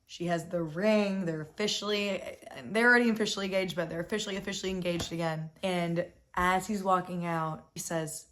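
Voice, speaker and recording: A young woman hosting a casual reality-show recap, animated and exasperated, full of "like" and swearing freely. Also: on the low side, normal speed, few pauses. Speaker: recap host.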